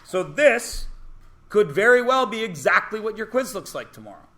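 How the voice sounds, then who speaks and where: A male math teacher with a high, bright voice, lecturing a class in a classroom. He talks briskly and teases his students, and he keeps checking in with rhetorical questions. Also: big pitch swings.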